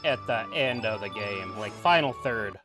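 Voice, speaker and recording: A chatty man joking his way through a video game stream, with a lively, animated pitch. Game music sounds clearly behind him. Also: measured pace. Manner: chatty, joking, reading game text aloud. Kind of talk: casual let's play commentary.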